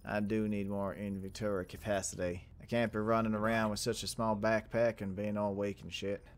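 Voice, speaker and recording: A young man hosting a let's play, chatting excitably and joking at himself over the game. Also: fairly low pitch, moderate pace. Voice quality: chatty, excitable, self-mocking. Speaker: gaming channel host.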